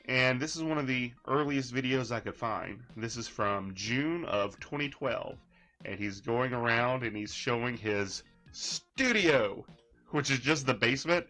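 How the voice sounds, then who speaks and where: A man's voice: fairly low pitch, bright, forceful tone. A man giving casual, rambling reaction commentary, mocking the person in the clip. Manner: rambling, mocking, laughs at his subject.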